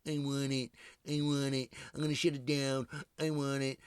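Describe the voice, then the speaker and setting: A man's voice: medium pitch, little pitch movement, moderate pace, clean tone, dry recording, studio quality, lightly acted. A man doing a childish impression of a demanding male politician who repeats himself like a sulking child. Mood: petulant. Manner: childish, repetitive chanting.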